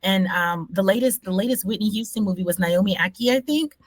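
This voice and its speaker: A woman hosting a podcast, speaking in a thoughtful, measured way with plenty of fillers. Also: mid-range voice, no echo. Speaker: podcast host. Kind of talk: casual podcast chat.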